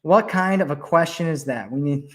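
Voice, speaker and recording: Slightly bright and on the high side, this man's voice carries a live question-and-answer stream where, as a dating coach, he reads out viewer comments, replies with emphasis, and keeps restating his main points.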